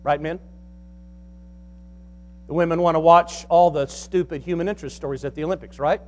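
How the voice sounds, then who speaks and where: A man preaching a sermon as pastor, folksy and joking, quizzing the congregation and slowing down to stress key lines. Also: a little high, fairly even intonation.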